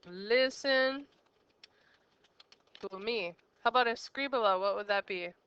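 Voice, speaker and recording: A woman's voice: on the high side, unhurried, smooth, no room sound, dull audio. A woman as a teacher giving a recorded grammar lesson, explaining step by step and quizzing the listener with questions. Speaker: Spanish teacher.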